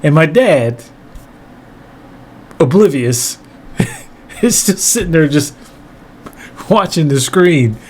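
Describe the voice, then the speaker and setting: Guy telling a funny story, kinda high voice, laughs a lot, cusses casually. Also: slow, pauses often, husky. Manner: animated, laughing, profane. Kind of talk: comedic storytelling monologue.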